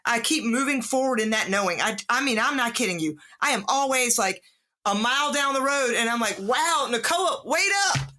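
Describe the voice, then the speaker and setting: Bright-voiced woman hosting a heartfelt chat. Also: fairly high pitch, brisk. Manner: emphatic, heartfelt, acts out inner voices. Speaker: podcast host. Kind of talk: casual conversation.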